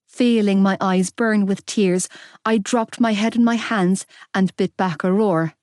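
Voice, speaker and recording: A woman narrating a romance audiobook in a steady, measured way. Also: medium pitch, dry recording, clean studio sound. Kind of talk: scripted narration.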